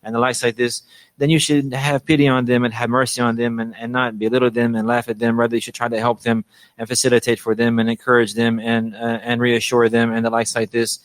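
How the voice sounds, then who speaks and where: A man's voice: mid-range voice, flat delivery, brisk, dry recording. A man giving a religious lesson on manners, often repeating a phrase to stress it and restarting his sentences. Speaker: Islamic teacher.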